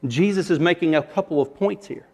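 A preacher delivers a sermon in a fairly high-pitched male voice. He tells a parable vividly, pausing for rhetorical questions and leaning on key words. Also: darkish tone. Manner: storytelling, rhetorical questions, varied emphasis. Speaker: pastor.

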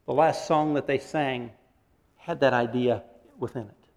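A man preaching a sermon as pastor, animated, acting out quotes and laughing often. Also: medium pitch, measured pace. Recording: long hall reverb.

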